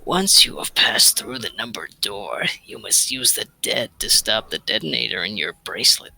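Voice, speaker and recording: A man reading the part of a calm, cryptic young man, slow and mock-solemn, in a fan reading of a visual novel. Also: fairly low pitch, creaky, heavily acted, poor audio. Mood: ominous.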